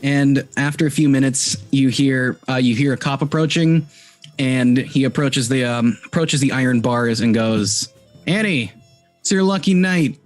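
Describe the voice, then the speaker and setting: Guy running a tabletop game, mid pitch, lots of uh and restarts, faint music under. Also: steady tone, normal speed. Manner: rambling with many fillers and restarts. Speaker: game master.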